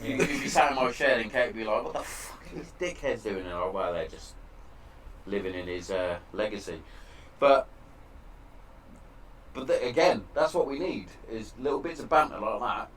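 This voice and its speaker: Deep-voiced Englishman speaking frankly. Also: animated, normal speed, a bit bright, slight background noise. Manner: frank, emotional, heavy swearing. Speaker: podcast host. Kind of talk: candid casual chat. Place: home shed.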